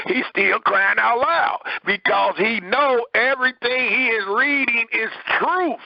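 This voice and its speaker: Here a gravelly-voiced man preaches a sermon, reading from scripture with heavy emphasis and a pitch that climbs and drops. The sound is lo-fi and dry.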